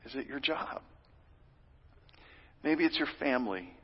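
A male pastor preaching a sermon with earnest feeling, swinging from loud pleading to hushed whispers. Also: mid-range voice, expressive, unhurried, slightly rough, long reverb tail, highs cut off.

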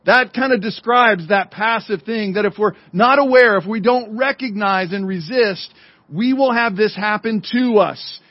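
A man preaching a sermon as pastor, speaking emphatically to the congregation and online viewers, slowing down and dropping to a murmur for effect. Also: high voice, no echo. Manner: emphatic preaching with dramatic slowdowns and drops to a murmur. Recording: dull lo-fi sermon audio.

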